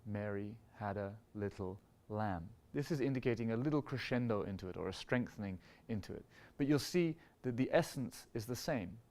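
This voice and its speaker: A man, an orchestra music director, explaining conducting technique in a measured, clear instructional video, slowly singing short melody lines to demonstrate beats. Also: mid-range voice, expressive, a little mellow.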